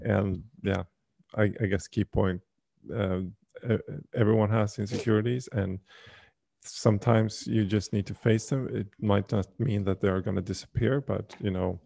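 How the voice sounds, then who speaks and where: Low gravelly man, halting casual talk. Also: steady tone, warm tone, no echo. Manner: hesitant, repeats words when starting. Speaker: podcast co-host. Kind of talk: casual chat.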